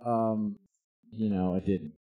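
A man's voice: lowish voice, steady tone, takes it slowly, narrow, tinny audio. A man co-hosting a comedy podcast, recapping news stories in a rambling, hesitant way full of fillers. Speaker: podcast co-host. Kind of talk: casual comedic chat.

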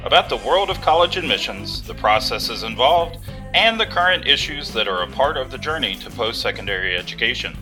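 Upbeat teasing guy on a podcast, really bright sharp voice. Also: mid-range voice, big pitch swings, fairly quick, faint music behind. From United States. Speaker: podcast co-host and school counselor. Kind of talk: casual podcast banter.

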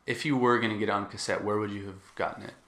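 A man hosting a casual podcast chat, relaxed, laughing along and swapping stories with his guest. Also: fairly low pitch, fast. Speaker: podcast host. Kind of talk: casual conversation.

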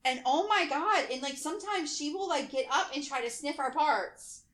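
A woman's voice: high voice, lively intonation, normal speed, a bit bright. A woman co-hosting a podcast in casual chat, laughing often and reading news aloud. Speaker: podcast co-host.

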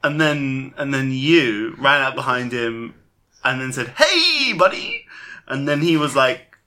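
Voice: mid-range voice, fairly even intonation, unhurried, bright, forceful tone. A co-host spinning an improvised comic story in rambling run-on sentences.

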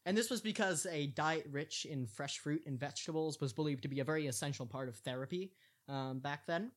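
Joking young-sounding male podcast host. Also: fairly high pitch. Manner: jokey, quick asides, stumbles over foreign words. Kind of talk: casual podcast chat.

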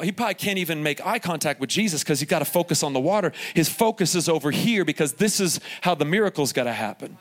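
A man in his forties preaches at a live event, his voice sitting a little higher than most men's. He tells stories with humor and quick asides, and his delivery stays animated throughout. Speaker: pastor. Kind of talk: sermon.

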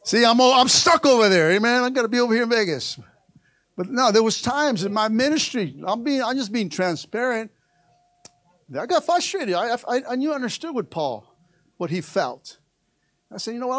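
High-voiced preaching man, dry sound. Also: lively intonation, normal speed, no echo. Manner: preachy, rising to shouts, joking asides. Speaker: pastor. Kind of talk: sermon.

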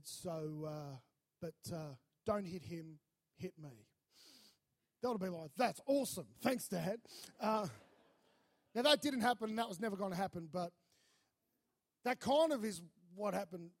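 A man preaching a sermon, telling a lively story and acting out the voices in it. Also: high voice, normal speed. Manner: animated, acts out voices in his stories. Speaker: pastor.

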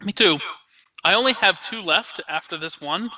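A man's voice: sits high, moderate pace, pushed and bright, poor audio. A man co-hosting a casual sports podcast, speaking bluntly and dryly. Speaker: podcast co-host.

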